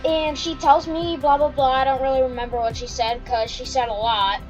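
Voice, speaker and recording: A woman's voice: sits high, steady tone, normal speed, highs cut off. A teenage girl telling a rambling storytime while gaming, filling her talk with "like". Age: teens. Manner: rambling, heavy filler "like". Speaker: streamer. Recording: loud game music behind.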